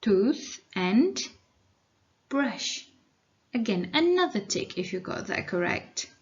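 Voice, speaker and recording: A woman's voice: a little high, very animated, slow, dull audio. A woman teacher with a Malaysian accent giving a recorded English lesson to children, explaining patiently and mixing in Malay words. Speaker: primary school English teacher.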